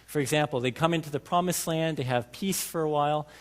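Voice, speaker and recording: A man's voice: fairly high pitch, quick pace. Conversational male preacher in a church hall. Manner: conversational, asks the congregation many questions. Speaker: lay preacher. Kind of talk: sermon. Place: church sanctuary.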